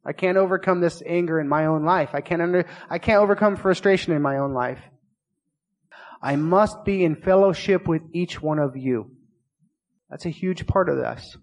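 A man's voice: a little high, moderate pace, long reverb tail, low-quality recording. A man preaching a sermon as pastor of a small church, earnest and confessional, often repeating himself, just getting over being sick. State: recovering from illness.

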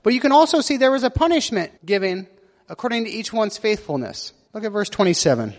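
A man's voice: high-pitched, sing-song, a little fast, in a large hall. A man preaching a sermon, reading scripture aloud and asking his listeners questions as he explains it. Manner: asks the listeners questions, reads verses with voiced quotes.

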